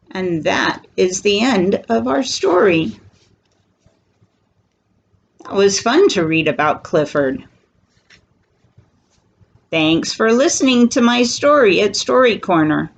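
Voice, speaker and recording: A woman reading a picture book aloud to toddlers as a storyteller, slow and animated. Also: fairly low pitch, creaky, lo-fi sound. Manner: slow, sing-song and animated for small children. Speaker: children's storyteller.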